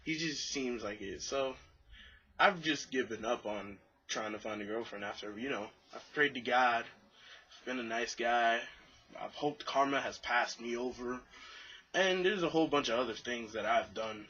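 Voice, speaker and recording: A young man vlogging to camera in a rambling, self-deprecating way, mimicking other people in high voices. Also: a little slow, bright, forceful tone, dull audio. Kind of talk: casual monologue to camera.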